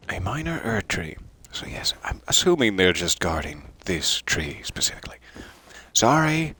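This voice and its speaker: Lively low-voiced man commentating a game. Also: slight background noise. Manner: playful and theatrical, chatting to game characters and viewers; self-deprecating asides. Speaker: let's play streamer. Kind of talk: casual gameplay commentary.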